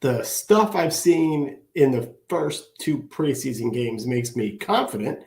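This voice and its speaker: Measured man in a roomy space. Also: mid-range voice, sing-song, gravelly, a little mellow. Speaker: podcast co-host. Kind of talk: casual sports talk.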